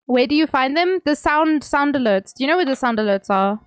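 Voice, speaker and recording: A woman's voice: high-pitched, lively intonation, a little fast, dry recording, clean studio sound. A young woman livestreaming, chatting casually with viewers, reading messages aloud and laughing often. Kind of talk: casual chat with stream viewers.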